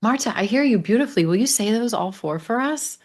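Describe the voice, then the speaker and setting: A woman coaching in a live online pronunciation lesson, encouraging a learner with warm praise over a video call. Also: a little high, animated, a little fast.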